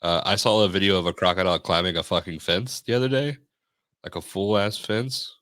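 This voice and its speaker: Male podcast host, very low voice, relaxed and swears a lot, dry close-mic sound. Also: fairly quick, dry recording. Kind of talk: casual podcast chat.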